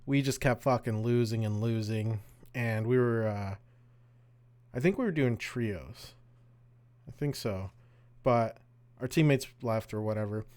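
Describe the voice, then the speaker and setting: A young man co-hosting a podcast, explaining games in a relaxed, casual way. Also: lowish voice, unhurried, long pauses. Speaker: podcast co-host. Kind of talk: casual chat.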